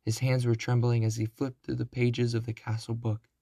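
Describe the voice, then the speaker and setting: A man narrating a children's storybook aloud, slow and deliberate. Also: mid-range voice, monotone, creaky, mellow, no room sound, clean studio sound.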